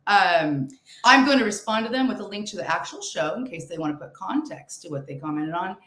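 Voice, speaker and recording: A middle-aged woman co-hosting a podcast in casual chat, calm and measured with halting restarts. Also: fairly low pitch. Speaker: podcast co-host. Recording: echoey room.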